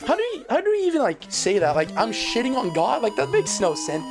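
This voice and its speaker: Brief: streamer, chatty and rambling, swears freely, pitch rising and falling, music behind. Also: wildly swooping pitch, fast talker. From Brazil. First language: Portuguese. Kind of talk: casual live-stream chat. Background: music playing.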